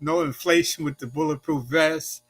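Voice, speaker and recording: A man's voice: a little high, steady tone, normal speed, a bit bright, husky, soft background music. A male talk show host chatting casually with his guest, rambling with many fillers. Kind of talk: casual interview chat.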